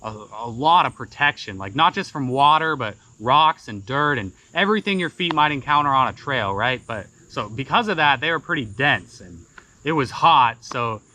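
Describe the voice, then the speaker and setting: A man's voice: medium pitch, animated, normal speed, bright, forceful tone, a little hiss or hum, low-quality recording. A man telling a folksy tall tale in a casual, rambling way, full of fillers. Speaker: storyteller.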